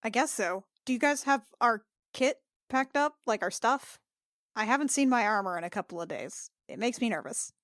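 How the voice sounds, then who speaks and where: A woman's voice: fairly high pitch, expressive, moderate pace, fairly bright tone, dry recording, clean studio sound. A woman playing a tabletop game in character, talking in a sardonic, grumbling way with frequent sighs. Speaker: player.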